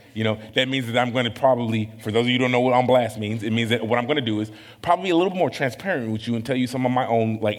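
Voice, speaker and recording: A man's voice: mid-range voice, creaky. Conversational man preaching in a hall. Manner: conversational, self-deprecating, animated asides. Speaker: pastor. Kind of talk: sermon.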